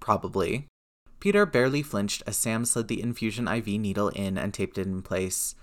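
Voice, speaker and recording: Man reading a story out loud, low voice, even and steady. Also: brisk. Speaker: reader. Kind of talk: reading fan fiction aloud.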